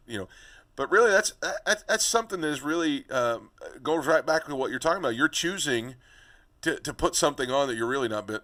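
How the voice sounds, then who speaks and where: A man's voice: mid-range voice, expressive, brisk, sharp tone. A man hosting a podcast interview, talking in a conversational, affirming way with frequent stammered restarts. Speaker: podcast host.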